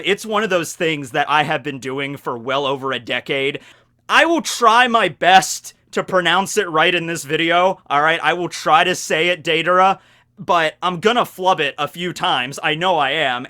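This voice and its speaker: Young male anime youtuber, bright and lively, rambling and self-mocking. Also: fairly high pitch. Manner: animated, rambling, self-mocking with quick laughs. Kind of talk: casual video commentary.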